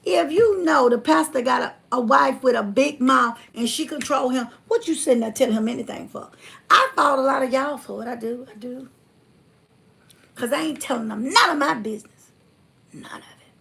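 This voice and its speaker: A woman hosting a livestream, talking bluntly and fiery, reading viewer comments and swinging from loud to hushed. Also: sits high, moderate pace, creaky. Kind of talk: casual preachy livestream talk.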